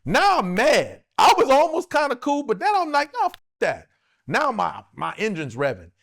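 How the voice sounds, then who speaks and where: A man's voice: very high voice, moderate pace, creaky. A man in his forties telling a rowdy, profane story as an interview guest, acting out what other people said. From United States. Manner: animated, profane, acts out other people's lines. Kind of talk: casual storytelling.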